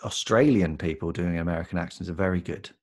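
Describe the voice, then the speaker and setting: Brief: young man, podcast co-host, dry joking delivery, slightly low voice. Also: fast talker. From England. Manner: dry, jokey, self-mocking. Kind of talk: casual chat.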